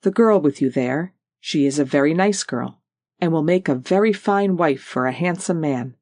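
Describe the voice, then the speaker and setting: An audiobook narrator voicing a proud, tall old Highland widow with a Scottish Highland accent and a rich, powerful, lilting voice. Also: lively intonation, normal speed, darkish tone, dry recording, clean studio sound, close to an everyday voice. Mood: firm. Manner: stately, lilting, repeats "oh yes".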